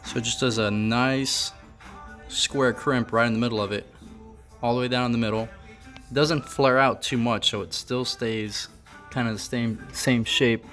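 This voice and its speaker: A man's voice: mid-range voice, fairly even intonation, a little slow, fairly bright tone, soft background music. A man talking casually to camera about his car project, offhand and thinking aloud with a few fillers. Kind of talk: casual workshop vlog.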